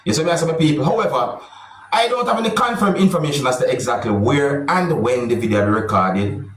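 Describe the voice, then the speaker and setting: A man's voice: medium pitch, lively intonation, a little fast, fairly bright tone, distant mic. A man hosting a commentary vlog, repeatedly addressing his viewers and subscribers in a formal, roundabout way. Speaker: vlog host. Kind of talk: news-style commentary vlog. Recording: echoey room, voice a bit off mic.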